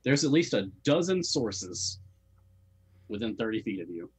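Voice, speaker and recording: Husky male game master, low voice. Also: sing-song, a little slow, low-quality recording. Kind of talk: narrating a tabletop game.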